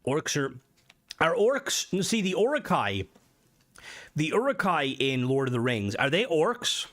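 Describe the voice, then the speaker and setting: A man streaming a game and chatting casually with his viewers, rambling and swearing, with many fillers, and his voice jumps higher when he gets worked up. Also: very animated, unhurried, a bit bright. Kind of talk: casual live-stream chat.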